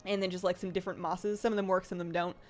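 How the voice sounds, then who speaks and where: A woman's voice: lowish voice, level tone, racing, faint music behind. Chatty woman livestreamer rambling to viewers. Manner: rambling, self-deprecating, frequent fillers and restarts. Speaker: livestream host. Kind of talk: casual chat reading viewer comments. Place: home apartment.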